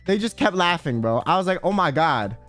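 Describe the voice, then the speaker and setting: A young male streamer with a notably high voice tells a chaotic story in casual, profane bursts. He loops through "like" and restarts and acts out quoted lines as he goes. Faint music plays underneath. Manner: animated, swearing, quick filler-heavy retelling with acted quotes.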